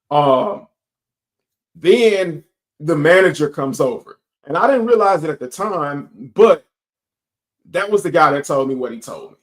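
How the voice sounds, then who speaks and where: A young man, telling a profane, animated story as a sneaker channel host and acting out both sides of an argument. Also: fairly high pitch. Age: young adult. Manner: profane, animated storytelling with quoted back-and-forth. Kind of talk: casual storytime rant.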